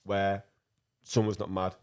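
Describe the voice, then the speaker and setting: A man's voice: deep voice, completely flat delivery, measured pace, smooth. A man, a goalkeeper co-hosting a podcast, talking casually with many restarts and repeated words. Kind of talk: casual chat.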